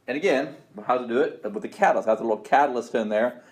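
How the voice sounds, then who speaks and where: A male chemistry lecturer races through his college class at a medium pitch, cheerfully quizzing students and frequently starting over mid-sentence. The room sounds roomy, with faint noise.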